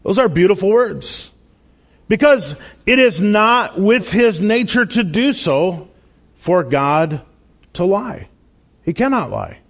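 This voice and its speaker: A man's voice: sits high, big pitch swings, slow pace. A man delivering a sermon as a pastor in a church, earnest and emphatic, with asides and bits of self-deprecating humor.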